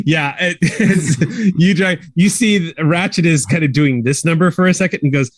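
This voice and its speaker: A man narrating a tabletop game as game master, relaxed and full of fillers. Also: on the high side, moderate pace, dry recording.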